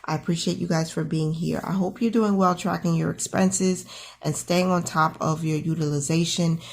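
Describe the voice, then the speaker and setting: Woman in her thirties, low voice, gravelly morning voice, friendly budgeting vlog walkthrough, encouraging. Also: steady tone, moderate pace. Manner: friendly and encouraging, talks through numbers aloud. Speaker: budgeting channel host. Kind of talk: casual screen-share budget walkthrough.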